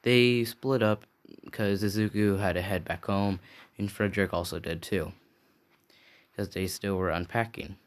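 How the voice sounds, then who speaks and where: A man's voice: lowish voice, steady tone, a little slow. A young man casually telling an improvised fan story, rambling and stopping to recall details.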